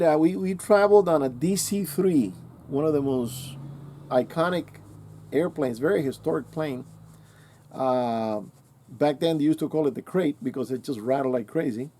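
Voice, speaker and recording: Mellow-voiced older man telling stories. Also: fairly high pitch, moderate pace. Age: 60s. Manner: rambling, self-correcting, colloquial. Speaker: channel host. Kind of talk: casual storytelling monologue.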